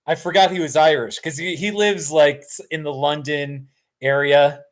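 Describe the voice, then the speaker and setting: On the high side with a steady tone, a middle-aged American man talks at a moderate pace during a relaxed live stream. Worn out and lounging on his couch at home, he rambles, jokes at his own expense, and laughs often.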